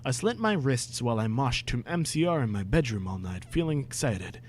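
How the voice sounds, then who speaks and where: A young man reading a badly written story aloud, breaking off for sarcastic, exasperated asides and shouted outbursts. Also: mid-range voice, animated, normal speed, slight background noise. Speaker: comedic reader. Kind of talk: dramatic reading with mocking commentary.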